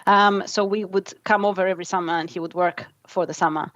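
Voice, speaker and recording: Greek-accented woman, low voice. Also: steady tone, fairly quick, a bit bright, no echo, lo-fi sound. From Greece. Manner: fluent storyteller, many ums. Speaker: guest. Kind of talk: casual chat.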